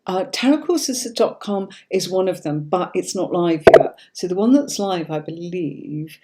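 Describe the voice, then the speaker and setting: A woman's voice: fairly low pitch, lively intonation, unhurried, very noisy. A woman from Yorkshire with a neutral standard British accent, hosting a live-stream tarot reading in a chatty, reassuring way and often checking in with listeners. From Yorkshire, England. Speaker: tarot reader hosting a livestream.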